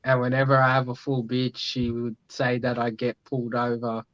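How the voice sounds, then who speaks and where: A man hosting a casual chat, speaking in a measured, matter-of-fact way. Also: mid-range voice, monotone, fairly bright tone, no echo. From Australia. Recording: dull, dry lo-fi audio.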